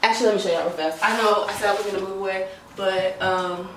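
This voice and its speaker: A young woman in her apartment kitchen vlogs a casual grocery haul, chatty and slangy, sometimes referring to herself in the third person. Her voice is medium-pitched and a bit bright, with fairly even intonation, and she talks fast. The echoey room carries clear background noise.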